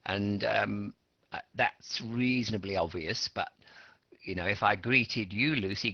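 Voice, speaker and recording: A man's voice: lowish voice, unhurried, gravelly, pushed and bright, no echo. A middle-aged Australian man teaching an English class, explaining patiently and asking students questions. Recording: lo-fi classroom recording.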